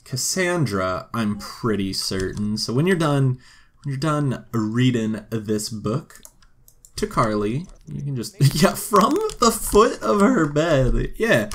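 A man's voice: medium pitch, expressive, slow, slight background noise. A man giving casual, joking let's-play commentary as he plays a life-sim game and talks to its characters. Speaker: gaming video host.

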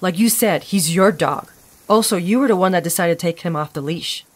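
A woman's voice: fairly low pitch, fairly quick, natural voice. A woman voicing an exasperated young woman hiker with a sarcastic edge.

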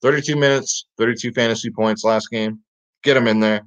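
A man's voice: medium pitch, fairly even intonation, brisk. A man hosting a fantasy sports picks show, talking casually and with energy, often repeating "guys" and "get him in there". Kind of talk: casual hyped picks rundown. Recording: slightly dull lo-fi audio.

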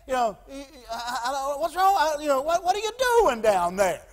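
A man's voice: very high voice, very animated, normal speed, voice pushed up. A man voicing God as a disappointed, fatherly figure who calls out and pleads. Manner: pleading, exasperated calling out.

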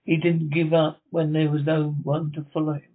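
A man's voice: fairly high pitch, completely flat delivery, normal speed, natural voice. A man reading the part of a loving, anxious wife, speaking tenderly and pleading. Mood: upset. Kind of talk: amateur script reading. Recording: tinny phone-like sound.

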